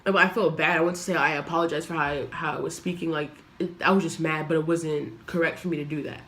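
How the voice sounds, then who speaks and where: A young woman vlogger speaking earnestly to her camera, telling a personal story in a halting, reflective way. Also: low-pitched, fairly even intonation, a bit bright. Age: young adult.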